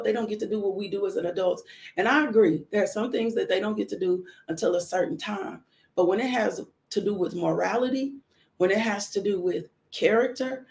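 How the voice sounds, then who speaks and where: A middle-aged woman speaks about faith and raising her children in an earnest, heartfelt testimony. Her voice carries a gravelly fry at mid pitch, and she circles back on her phrases to drive each point home. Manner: earnest, repeats phrases for emphasis. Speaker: mother sharing faith and parenting lessons. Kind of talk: personal testimony talk.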